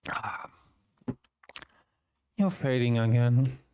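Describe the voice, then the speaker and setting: A man streaming a visual novel, reading the game's dialogue aloud with quick asides of his own. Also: medium pitch, animated, warm tone, slight background noise.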